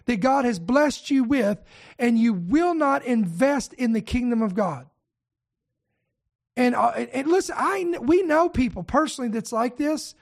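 A man preaching a sermon in an emphatic, repetitive style, often restarting his phrases. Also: extremely high pitch.

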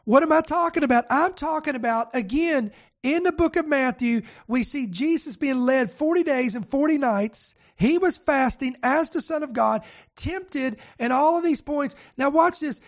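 Brief: high-pitched pastor, fervent sermon delivery, punches points with "come on", reads scripture aloud. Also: normal speed. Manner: impassioned, repeats "come on" for emphasis.

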